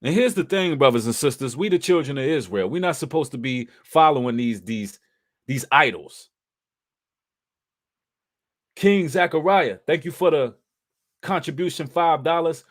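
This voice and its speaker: A man's voice: fairly high pitch, animated, normal speed. Emphatic preacherly man hosting a livestream. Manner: emphatic, preacherly, addresses audience as brothers and sisters; casual slang with occasional cursing. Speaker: livestream host.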